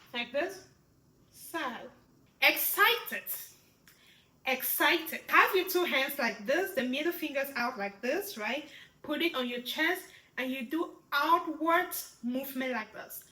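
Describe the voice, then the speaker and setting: A pregnant woman teaching a sign language lesson in an expressive way, often checking in with "right?". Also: sits high, reverberant, poor audio. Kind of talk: instructional lesson.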